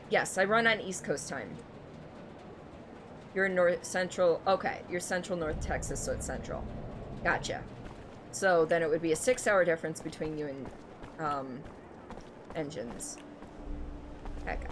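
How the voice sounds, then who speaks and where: A young woman streams a game from home and chats easily with her viewers, often breaking into laughter. Her voice sits a little low, and a steady hum of noise runs under her mic. It sounds like a casual, unscripted gaming stream. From Michigan, United States. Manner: chatty, laughs often, talks to chat. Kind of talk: casual gameplay stream chat.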